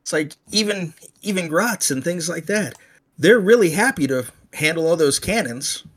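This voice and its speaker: Bright-voiced man, rambling casual chat. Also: a little high, normal speed, slightly rough. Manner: rambling and animated, with repeated restarts.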